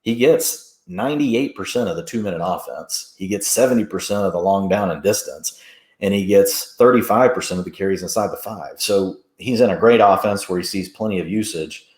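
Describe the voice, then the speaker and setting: A very deep-voiced man chatting casually as a podcast co-host, animated and quick to chuckle. He often restarts his sentences, and the sound is echoey, as if recorded in a bare room. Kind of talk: casual fantasy football chat.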